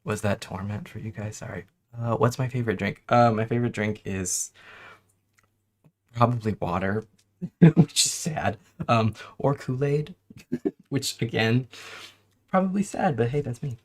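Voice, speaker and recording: Male streamer, gravelly and soft-spoken, chewing gum, giggly casual chat while building. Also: medium pitch, a little slow, pauses often. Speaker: host.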